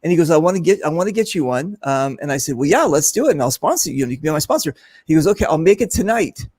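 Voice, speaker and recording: A man hosting a casual chat, telling a lively story and acting out what others said. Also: on the high side, very fast, breathy edge. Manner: animated storyteller, mimics others in his stories. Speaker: host. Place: event booth.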